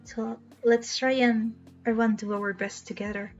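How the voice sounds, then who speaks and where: Her voice is a touch high with a darkish tone and level delivery at a moderate pace as this young adult woman live-streams. She chats with earnest emotion, small laughs, and frequent restarts, with soft background music and slightly dull lo-fi sound.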